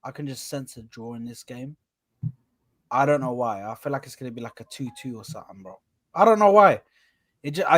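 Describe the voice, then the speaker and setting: A young man hosting a casual football podcast, rambling and animated, swearing freely. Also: mid-range voice, dry recording, clean studio sound. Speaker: podcast host.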